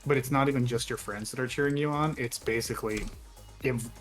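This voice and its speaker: A man co-hosting a casual podcast, talking in relaxed, run-on thoughts. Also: medium pitch, a little fast, faint music behind. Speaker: podcast co-host. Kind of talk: casual chat.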